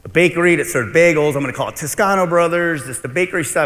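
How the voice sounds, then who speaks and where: A man's voice: a little high, quick pace. Blunt storytelling man in a big hall. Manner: blunt, animated storytelling with profanity. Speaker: keynote speaker, restaurant owner. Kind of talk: conference keynote storytelling. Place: large convention hall. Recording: long hall reverb.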